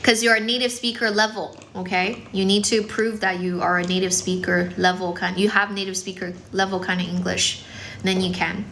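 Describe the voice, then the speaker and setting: A woman English teacher hosting a casual livestream, chatting quickly with viewers and using lots of fillers. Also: medium pitch, fairly bright tone, a little hiss or hum. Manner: fast, chatty, many fillers, mixes in some Chinese. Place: indoors, in front of a decorated background. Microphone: phone.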